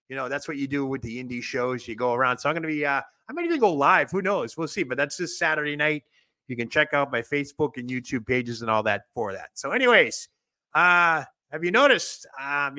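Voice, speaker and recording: A man with a Boston accent hosting a show, energetic and rambling as he chats and plugs events. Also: a little high, no room sound. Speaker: podcast host. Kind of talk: casual show chat and plugs.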